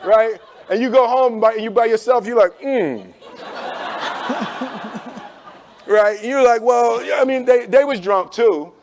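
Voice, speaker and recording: A man telling a story to a live audience, animated, acting out voices and laughing often. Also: extremely high pitch, unhurried, long pauses, a little hiss or hum.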